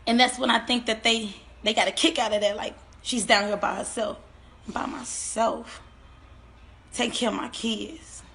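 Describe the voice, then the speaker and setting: A bereaved mother giving an emotional personal account, tearful and halting, often repeating her words and trailing off. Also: on the high side, fairly even intonation, vocal fry, fairly bright tone, a little hiss or hum. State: tearful, on the verge of crying.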